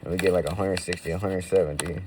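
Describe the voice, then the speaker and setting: A man's voice: deep voice, steady tone, fast, distant mic, background noise. A man casually telling stories to camera in profane, slangy street talk full of fillers. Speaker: roofing business owner.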